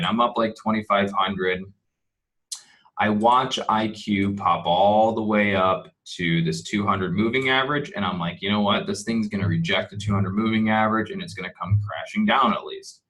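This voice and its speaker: A man's voice: low voice, fairly bright tone, poor audio. A young man recapping his trading day in a casual, candid way, criticizing his own mistakes and swearing freely. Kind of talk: casual screen-share trade recap.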